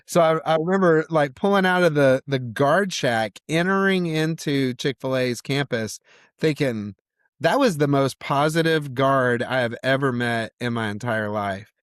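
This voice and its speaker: A man's voice: medium pitch, measured pace, smooth, dry recording, studio quality. A man from Georgia, a podcast guest, telling a casual story with lots of fillers. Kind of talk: storytelling in a conversation.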